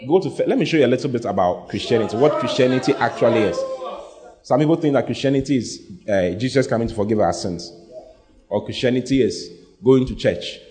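A man's voice: medium pitch, lively intonation, quick pace, darkish tone. A man preaching a sermon, speaking emphatically, repeating his lines and having the congregation say them back. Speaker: pastor.

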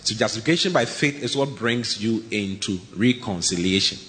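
A man preaching a sermon, swinging from low murmurs up to high shouted lines and reading scripture aloud. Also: animated, a little fast. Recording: long hall reverb.

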